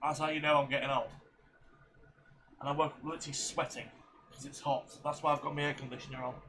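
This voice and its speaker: A man's voice: on the high side, flat delivery, fast, pushed and bright, slight background noise, poor audio. A tired, middle-aged man hosting a reaction video, chatting casually in a rambling way with many fillers. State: tired and yawning.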